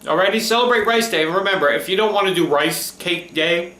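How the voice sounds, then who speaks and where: Excited guy doing a cooking vlog, bright punchy voice, echoey kitchen. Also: high voice, fairly quick, far from the mic. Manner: chatty, enthusiastic, says "okay?" often. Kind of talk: casual cooking demo.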